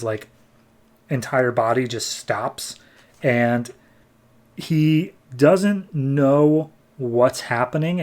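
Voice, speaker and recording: A man's voice: medium pitch, a little mellow. A man hosting a comic review podcast, recapping a comic casually and rambling with many "like"s. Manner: rambling, lots of "like", acts out characters.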